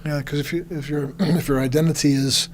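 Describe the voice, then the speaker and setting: A man hosting an interview, reflective, often repeating words and clearing his throat. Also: a little high, fairly even intonation, a little fast, slight background noise. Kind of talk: conversational interview.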